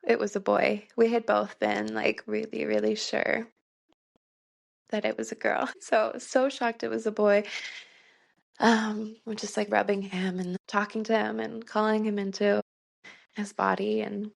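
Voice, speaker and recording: Woman, 30s, very creaky gravelly voice, mid pitch, earnest storytelling, lots of "like", podcast guest. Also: little pitch movement, unhurried. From Canada. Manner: earnest, many "like" fillers, laughs often. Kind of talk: personal storytelling in a podcast interview.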